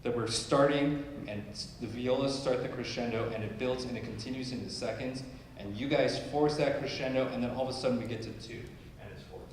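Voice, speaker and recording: A man coaching a school string orchestra in rehearsal, giving brisk instructions, singing phrases and counting the players in. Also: medium pitch, slight background noise. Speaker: orchestra clinician. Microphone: distant camera mic. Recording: echoey hall from far off, orchestra audible. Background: string orchestra playing.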